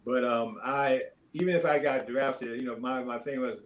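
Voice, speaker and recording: An older man, a former basketball player, telling stories as a podcast guest in a relaxed, rambling way with many fillers. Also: mid-range voice, normal speed, rough recording. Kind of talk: casual storytelling.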